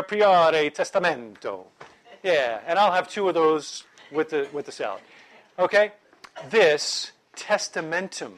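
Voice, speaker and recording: A middle-aged man teaching a Bible class in a lively, conversational way, joking with his listeners. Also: on the high side.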